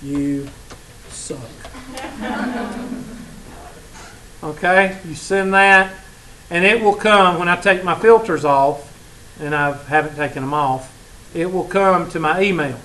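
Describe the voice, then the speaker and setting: A Southern man lecturing a math class in a folksy, teasing way, his voice sitting a little high for a man. The room is echoey, with a faint hum of classroom ambience behind him. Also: takes it slowly, long pauses, sharp tone. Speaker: math instructor.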